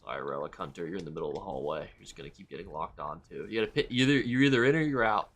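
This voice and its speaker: A man streaming a game live, chatting with viewers and reacting loudly and with swearing to the action. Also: low voice, lively intonation, very fast. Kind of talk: live gameplay commentary.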